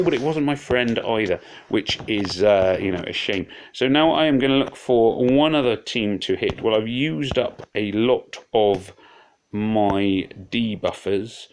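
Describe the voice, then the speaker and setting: A man's voice: medium pitch, slight background noise. A man giving casual, rambling commentary on a mobile puzzle game as he plays, full of fillers and self-deprecating asides.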